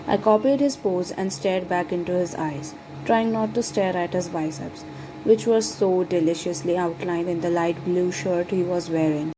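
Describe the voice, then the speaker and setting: A woman reading a first-person romance story aloud in a dramatic, lovestruck manner, over steady background noise. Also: on the low side, normal speed, poor audio. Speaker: fan fiction reader.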